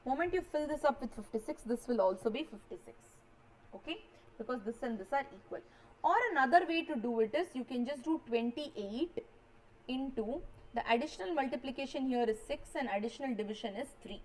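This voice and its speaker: A woman's voice: high-pitched, animated, a little fast, poor audio. A woman, teaching a maths revision lecture and walking students through each step, often checking they follow. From India.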